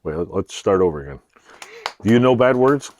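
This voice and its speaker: A man's voice: low-pitched, expressive, a little fast, darkish tone, a little hiss or hum. A middle-aged man chatting casually and joking with his daughter in his home garage workshop. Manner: joking, laid-back, laughs often. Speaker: channel host. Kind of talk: casual chat.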